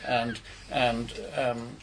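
A man's voice: medium pitch, little pitch movement, extremely slow, noisy background. An older man, a poet on a panel, telling anecdotes in a hesitant way and repeating his words. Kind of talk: casual panel discussion.

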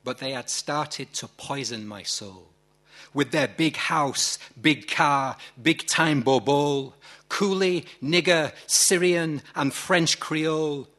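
A man with a Yorkshire accent reading a poem in the voice of a mixed-race sailor-poet, in a slow, weighty recitation. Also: fairly high pitch, fairly bright tone. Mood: defiant. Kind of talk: poetry reading.

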